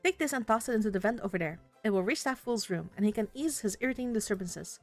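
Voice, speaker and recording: A woman's voice: mid-range voice, animated, quick pace, faint music behind, natural voice. A woman voicing a haughty male knight who talks down to a human squire in formal, old-fashioned phrasing, as in a game read-aloud. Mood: curt. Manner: formal, archaic, disdainful phrasing. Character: haughty, pompous male knight, cold and condescending.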